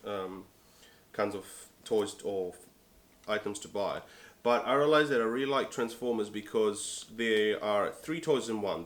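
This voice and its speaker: A man from Italy talking in a casual interview as a collector, relaxed and easily amused, speaking in loose, halting phrases. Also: on the low side.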